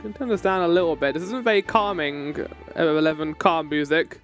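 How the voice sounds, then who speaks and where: A man streaming a game, commenting casually, excitable and swearing, reacting loudly to what happens. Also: fairly high pitch, a little fast, soft background music.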